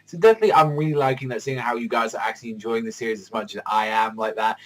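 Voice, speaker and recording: A man giving a casual, rambling spoken review, excitable and swearing constantly, often breaking into loud mock voices. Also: medium pitch, very fast. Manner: jumps into shouted mock voices for characters. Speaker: manga reviewer.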